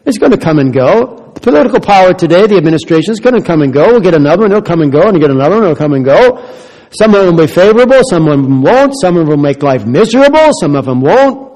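A man preaching a sermon as a pastor, swinging between hushed, quiet lines and loud, emphatic ones, and asking many rhetorical questions. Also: sits high, sing-song, fast talker, in a large hall.

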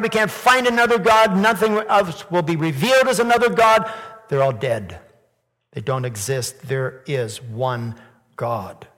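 A male pastor delivers a sermon in a church, his voice sitting a little high. He leans on rhetorical questions and climbs to loud, emphatic peaks. The sound rings out with a long reverb from the hall. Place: church sanctuary.

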